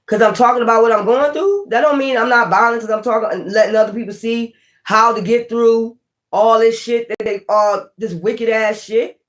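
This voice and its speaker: A woman from North Philadelphia with a Philly accent, chatting bluntly and roughly on a tarot livestream, swearing freely. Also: on the high side, normal speed. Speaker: tarot reader. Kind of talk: casual livestream chat.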